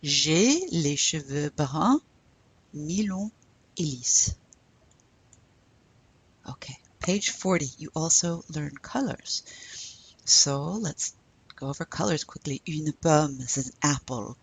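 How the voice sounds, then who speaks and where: In a recorded classroom lesson, a woman with a low, animated, breathy voice teaches French slowly, pausing often. She patiently asks questions and then models the answers.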